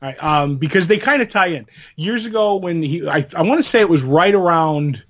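A middle-aged man with a slightly high-pitched voice co-hosts a casual podcast. He tells long, rambling anecdotes and breaks into a laugh now and then. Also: expressive, brisk. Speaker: podcast co-host. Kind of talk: casual chat.

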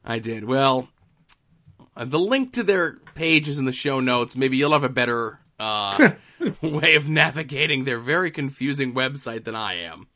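Bright-voiced podcast host man. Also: medium pitch, animated, normal speed, muffled recording. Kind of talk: casual chat.

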